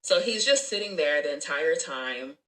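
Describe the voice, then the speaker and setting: A woman telling a story about a bad date, animated and swearing, acting out both sides of the dialogue. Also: low voice, normal speed, low-quality recording. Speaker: storyteller in a clip. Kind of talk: story time, casual telling.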